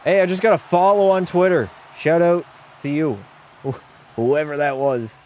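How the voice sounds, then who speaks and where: A fairly high-pitched, slightly mellow male voice moves at normal speed over a little hiss or hum. It belongs to a young man live-streaming hockey gameplay from a home room, bluntly opinionated as he reads chat and talks casually with viewers.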